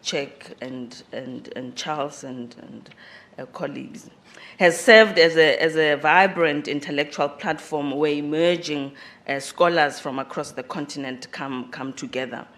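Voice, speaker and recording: Halting conference speaker with a squeaky voice. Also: a bit bright. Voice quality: self-described squeaky voice. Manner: halting, with frequent fillers and repeated words; rises in pitch and volume on emphasized phrases. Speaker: conference host speaking for the organizers. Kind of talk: formal welcome address. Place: university conference hall.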